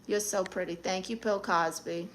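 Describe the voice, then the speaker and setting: A woman's voice: on the low side, fairly even intonation, moderate pace, a little hiss or hum. A woman hosting a live stream, reading viewers' comments aloud and answering them in a sassy, blunt, teasing way.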